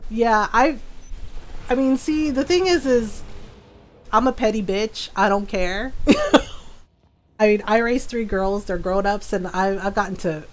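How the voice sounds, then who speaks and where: A woman's voice: medium pitch, measured pace, pauses often. A middle-aged woman streaming a game, telling stories in a casual, laughing, playfully petty way. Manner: laughing, petty, animated storytelling. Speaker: livestreamer.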